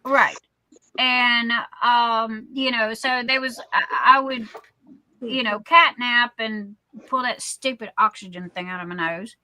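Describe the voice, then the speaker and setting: A woman's voice: a little high, steady tone, slow, pushed and bright, no room sound, rough recording. A woman in casual chat telling a personal story, blunt and salty, rambling with many fillers and restarts.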